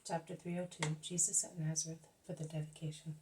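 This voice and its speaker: A woman reading a spiritual book aloud, calm and measured, as the channel's reader. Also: low voice, recorded from a distance, background noise. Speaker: audiobook reader.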